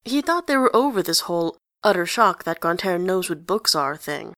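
A woman narrating a story in an even, conversational way. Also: on the low side, moderate pace, dry recording, studio quality. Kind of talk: story reading.

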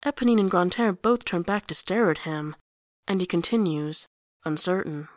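A woman reading fan fiction aloud in an even, plain narrating voice. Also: fairly low pitch, moderate pace, no echo, studio quality. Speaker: audiobook reader.

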